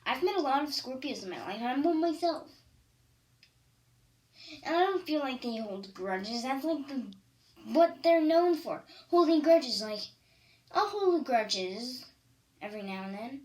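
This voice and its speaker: Female vlogger, high voice, unhurried delivery, rambling and stop-start, repeats herself for emphasis. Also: big pitch swings, darkish tone, recorded from a distance. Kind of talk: casual monologue to camera.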